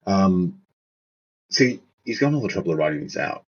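A man's voice: sits low, very animated, very fast, breathy edge, dull audio. A man chatting casually on a podcast, stumbling and self-mocking as he reads out strange names. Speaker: podcast co-host. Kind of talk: casual chat reading out army names.

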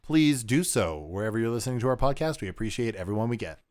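A man co-hosting a podcast in casual chat, playful and quick with jokes, backing his partner with steady agreement. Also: medium pitch. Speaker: podcast co-host.

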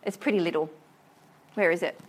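A woman teaching a class about a poem, reading verse aloud slowly and asking her students questions with enthusiasm. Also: on the low side, fairly even intonation. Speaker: literature teacher.

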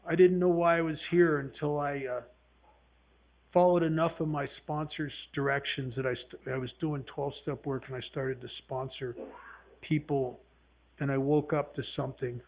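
A man in his seventies leading a recovery workshop, talking earnestly and telling folksy stories to a group. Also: on the high side. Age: 70s. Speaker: AA workshop speaker.

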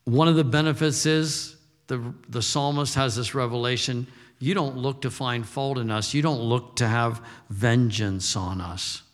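A man's voice: medium pitch, steady tone, a little slow, big-room sound. An older man preaching a sermon as a pastor, moving between fired-up exhortation and folksy storytelling.

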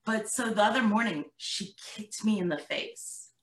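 A woman's voice: medium pitch, moderate pace, crowd noise. A middle-aged woman, a parenting coach, telling stories in a podcast interview and acting out what she and her daughter said. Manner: animated storyteller, acts out her own and her daughter's lines. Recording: echoey room.

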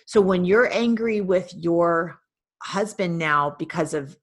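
A woman's voice: fairly low pitch, takes it slowly, slightly rough. A woman hosting a spiritual healing session, coaching a caller and guiding a visualization with direct, insistent instructions. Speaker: host and spiritual healer.

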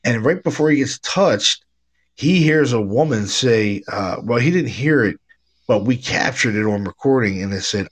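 A man hosting a casual podcast, his voice at an ordinary middle pitch. He tells ghost stories in a loose, laid-back way, with a slightly stuffy nose. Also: expressive, moderate pace. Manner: laid-back storytelling, says "man" and "dude" a lot. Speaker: podcast host, paranormal investigator. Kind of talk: casual chat.

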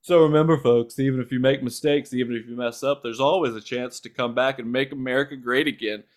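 A man's voice: fairly even intonation, fast talker, close to an everyday voice. A man doing a bragging older politician. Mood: boastful. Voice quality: lowered, drawling cadence with repeated "folks". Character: boastful older male politician, folksy bragger. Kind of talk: comic impression reading a parody text.

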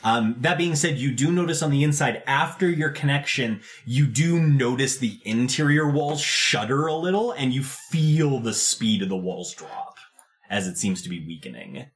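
Man, game master, tabletop game narration, lively pitch, laughing, loose delivery. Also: normal speed. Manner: loose and laughing, with many restarts.

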